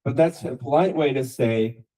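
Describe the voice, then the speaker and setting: An American man lecturing students in a loose, conversational way. His voice is mellow and warm. He keeps asking rhetorical questions and checks in with "okay" and "right". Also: medium pitch, moderate pace, rough recording. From United States. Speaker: guest lecturer. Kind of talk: university lecture. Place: lecture room.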